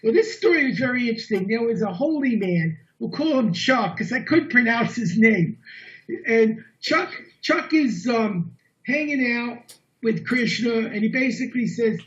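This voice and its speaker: Un orador con voz muy aguda que narra una historia con entusiasmo y seriedad; audio de reunión en línea, apagado y de baja fidelidad. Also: male voice, very high voice, moderate pace. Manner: animated, earnest storytelling. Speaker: guest speaker. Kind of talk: storytelling talk. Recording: dull lo-fi online meeting audio.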